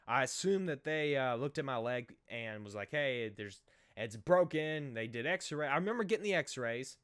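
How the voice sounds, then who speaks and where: A young man telling a childhood story in a casual, animated, self-mocking way, acting out the other people's voices. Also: mid-range voice, normal speed, clean tone. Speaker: vlogger.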